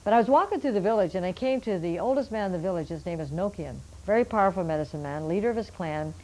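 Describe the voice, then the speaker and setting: A woman's voice: on the low side, lively intonation, fast talker, a little mellow, a little hiss or hum, rough recording. An older woman, a missionary Bible translator, earnestly telling a story from her work and addressing her listeners as friends. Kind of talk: storytelling testimony.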